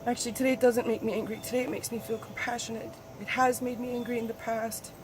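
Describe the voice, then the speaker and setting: A woman talking candidly in a personal spiritual vlog, confessional and swearing freely, her voice swinging between soft and loud. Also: on the high side, level tone, fast talker, noisy background. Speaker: spiritual vlogger.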